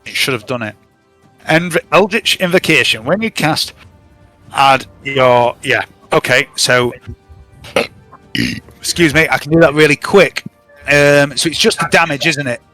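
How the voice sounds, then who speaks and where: Bright-voiced game master. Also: male voice, a little high, a little slow, pauses often, soft background music, low-quality recording. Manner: joking, playfully bossy. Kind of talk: running a tabletop game, casual chat.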